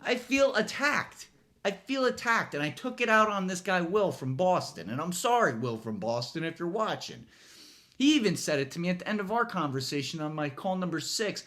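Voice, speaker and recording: A man's voice: fairly high pitch, sing-song, a little fast, a bit bright. A young man hosting a casual late-night monologue from a studio, rambling, profane and self-mocking. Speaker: host.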